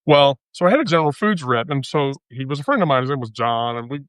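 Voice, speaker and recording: A woman hosting a livestream laughs her way through a bawdy, profane story in casual chat. Her voice is extremely low-pitched, animated, and fast, and the recording is dry.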